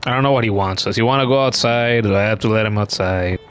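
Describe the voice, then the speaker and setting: A man's voice: on the low side, fast, faint music behind. A man streaming a video game, chatting casually with frequent stammers and restarts. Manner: rambling, stammering restarts, swears. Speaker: gameplay streamer. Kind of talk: casual let's-play commentary.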